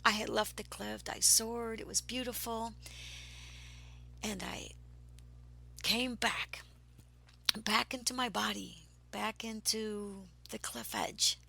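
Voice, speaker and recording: A woman telling a personal spiritual story, slow and breathy, sometimes dropping to a whisper and sometimes turning emphatic. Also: mid-range voice, a little hiss or hum, rough recording. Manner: grows excited and emphatic.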